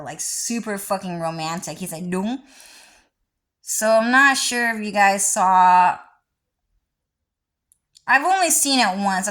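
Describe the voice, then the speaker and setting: A woman vlogging in a rambling, profane monologue, repeating herself and swinging between low mutters and shrill high outbursts. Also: fairly bright tone.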